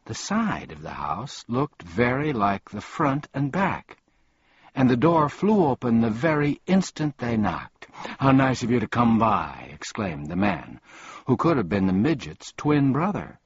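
A man narrating an audiobook in an unhurried, expressive storytelling manner, on a slightly dull, dry recording. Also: medium pitch, husky, dry recording. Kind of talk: audiobook reading.

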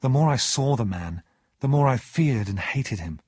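A man reading a story aloud as narrator, measured and expressive. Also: mid-range voice, breathy edge, dry recording, studio quality.

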